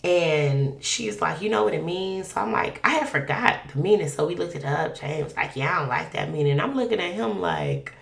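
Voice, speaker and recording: A young woman tells her own story in an easy, conversational way. Her voice sits low with a gravelly edge, and she lifts it up high to play the people in her story. The recording carries a noticeable room echo. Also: moderate pace, hardly any pauses. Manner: animated, acts out quoted dialogue in a raised voice. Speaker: guest sharing a testimony. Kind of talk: casual personal storytelling. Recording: echoey room.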